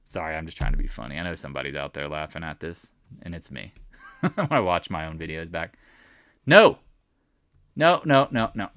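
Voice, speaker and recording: A man hosting a casual live stock market recap, animated and sarcastic, often teasing imagined viewers. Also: a bass voice, brisk, no room sound.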